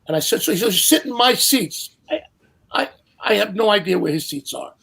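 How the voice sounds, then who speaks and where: An older man telling casual anecdotes as a guest, animated and acting out the people he quotes. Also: high-pitched, normal speed, creaky, slightly rough. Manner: animated storyteller who acts out quotes. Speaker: guest storyteller.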